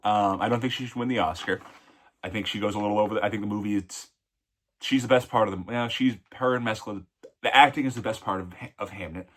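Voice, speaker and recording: A man's voice: on the low side, quick pace, a bit bright. A man giving a casual, blunt film review, rambling and correcting himself mid-sentence. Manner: blunt and opinionated. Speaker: movie reviewer.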